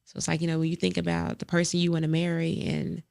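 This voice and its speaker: A woman in her forties hosting a podcast, speaking softly and from the heart, often halting and restarting as she reflects. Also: on the low side, monotone, creaky, dry recording, studio quality. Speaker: podcast host. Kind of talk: personal reflective monologue.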